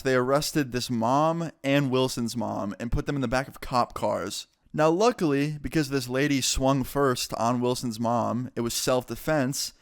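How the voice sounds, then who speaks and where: A young man recounts a wild story in a loose, profane, animated way. His voice is smooth and clear, recorded very dry and close. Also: medium pitch, dry recording. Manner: casual, swearing, animated storytelling. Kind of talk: storytime vlog.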